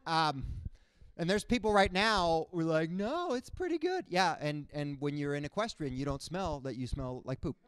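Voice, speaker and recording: A young man from Cuba works through a stand-up set with a smooth, clear voice held close to the mic in a dry sound. His everyday pitch sits a little high, and he keeps breaking into animated, squeaky character voices. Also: normal speed, no echo. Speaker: stand-up comedian. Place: comedy stage before a live audience.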